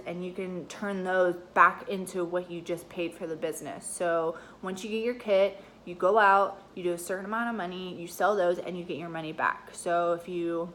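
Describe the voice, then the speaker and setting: A woman's voice: on the low side, slight background noise. A woman giving casual, chatty coaching advice to a new team member, filling her talk with "like" and "you know". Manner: chatty, lots of "like" and "you know", acts out quoted chats. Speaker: direct-sales team mentor.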